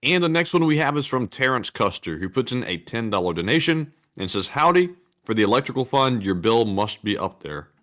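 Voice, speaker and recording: A man's voice: mid-range voice, sing-song, brisk, few pauses, fairly bright tone. A man co-hosting a livestream, reading out donor messages with dry joking asides. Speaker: livestream co-host reading donations. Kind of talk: casual livestream chat.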